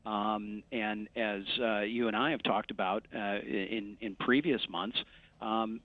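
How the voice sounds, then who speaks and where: A man with a very low voice talks haltingly, stopping often on fillers and restarting his sentences. The sound is dull and muffled. It is also dry, with no room echo. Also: steady tone. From West Michigan. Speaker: congressman. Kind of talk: remote news interview.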